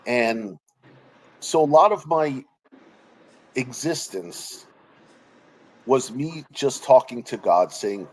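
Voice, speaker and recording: A man's voice: medium pitch, lively intonation, takes it slowly, pauses often, slight background noise, rough recording. A man in his forties, a guest speaking over a remote call, talking earnestly and openly emotional, with many restarts and trailing phrases. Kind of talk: personal interview over a call. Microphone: remote call connection.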